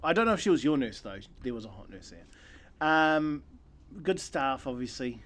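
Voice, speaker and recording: A man co-hosting a podcast with a friend, chiming in with short, agreeable replies and light teasing. His voice sits at an ordinary middle pitch. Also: sing-song, normal speed, fairly bright tone. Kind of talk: casual chat.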